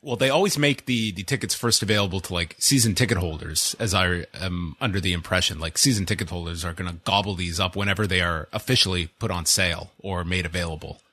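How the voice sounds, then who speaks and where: A man's voice: low-pitched, fast, hardly any pauses, bright, forceful tone, dry recording. A man hosting a casual podcast, rambling with dry sarcasm. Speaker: podcast host.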